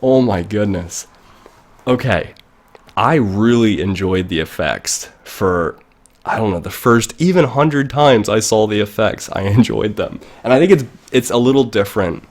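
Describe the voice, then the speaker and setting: A man's voice: fairly low pitch, lively intonation, measured pace. A young man chatting casually on a live stream, rambling into tangents and laughing often, with the mic very close to his mouth. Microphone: desk mic very close to mouth.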